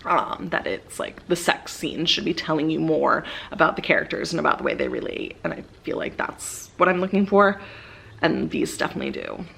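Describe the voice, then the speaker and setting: A woman's voice: deep voice, big pitch swings, brisk, vocal fry, fairly bright tone, slightly rough. A young woman casually rambling about her favorite books as a book vlogger, with many fillers and eager bursts.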